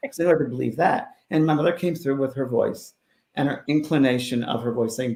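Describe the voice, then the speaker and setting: A man with a gravelly, mid-pitched voice tells his stories in an animated way, turning loud and then hushed. He is a medium in a casual interview, and his voice carries a roomy echo. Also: a little fast. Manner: animated storyteller who swings between loud and hushed. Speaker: spiritual medium, guest.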